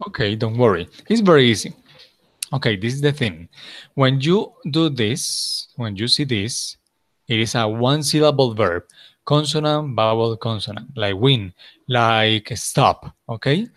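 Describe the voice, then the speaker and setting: A male English teacher with a Colombian Spanish accent walks a student patiently through grammar, one step at a time. His pitch sits in the middle of the range. The sound is dry and close, with no room around it. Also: animated, unhurried, dry recording. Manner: patient, explains step by step, switches to Spanish to clarify. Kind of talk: online English tutoring.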